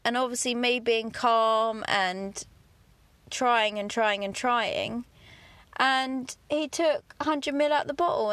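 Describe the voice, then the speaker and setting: A woman from England hosting a podcast, talking candidly about her farm work in a chatty, down-to-earth way with lively asides. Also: sits high, dry recording. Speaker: podcast host, farmer. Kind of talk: casual monologue.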